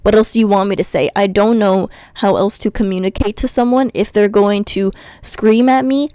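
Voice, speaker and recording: A woman's voice: medium pitch, brisk, few pauses, warm tone, poor audio. A woman vlogger giving a blunt, sarcastic rant and mocking her commenters. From United States. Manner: blunt and sarcastic, mocks commenters in sing-song voices. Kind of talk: ranting commentary.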